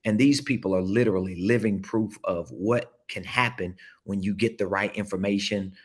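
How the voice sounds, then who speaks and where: Emphatic low-voiced man coaching live. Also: steady tone, normal speed, husky. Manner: emphatic, repetitive, coaxing the audience to repeat phrases. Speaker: business coach. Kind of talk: casual livestream motivational talk. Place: seated at a table indoors.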